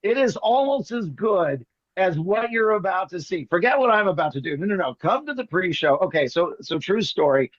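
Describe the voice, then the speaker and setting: High-voiced joking magician. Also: male voice, expressive, no echo, lo-fi sound. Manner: rapid joking storyteller, playful teasing. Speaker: magician performer. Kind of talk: comic patter on an online show.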